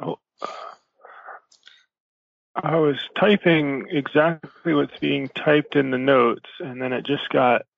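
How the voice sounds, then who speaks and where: A man's voice: mid-range voice, steady tone, slow pace, gravelly, pauses often, no echo, phone-quality sound. A man speaking as a player in a tabletop game, casual and stumbling.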